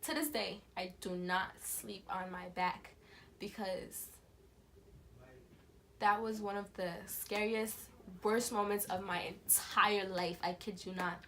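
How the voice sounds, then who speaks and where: A woman's voice: mid-range voice, slow, slight background noise. A young woman vlogger telling a storytime tale in casual, slangy speech, acting out the voices of the people in it. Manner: animated storytelling, acts out quoted voices. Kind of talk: storytime vlog.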